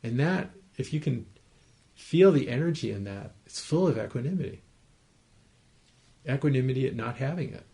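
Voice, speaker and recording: Gravelly-voiced man giving a meditation talk. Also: mid-range voice, expressive, normal speed, long pauses. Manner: conversational, gently explaining, asks the listeners to confirm they follow. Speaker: meditation teacher. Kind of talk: dharma talk to a group. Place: his home, small group room.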